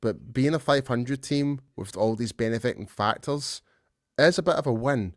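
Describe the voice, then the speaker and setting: A man chats loosely on a sports podcast and pokes fun at his own slips. His voice sits at an ordinary middle pitch. The sound is close and dry. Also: moderate pace, no room sound. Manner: chatty, loose, self-deprecating. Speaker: podcast co-host. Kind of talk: casual sports chat.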